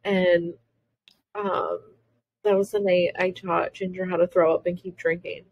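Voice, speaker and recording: A woman's voice: fairly low pitch, flat delivery, measured pace, no room sound, dull audio. A woman in her twenties co-hosting a podcast, talking in a playful, teasing way in casual chat. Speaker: podcast co-host.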